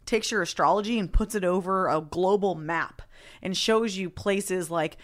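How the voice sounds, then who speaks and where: A woman's voice: on the low side, moderate pace. A woman co-hosting a podcast in casual, playful chat, stretching out her phrases with fillers. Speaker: podcast co-host.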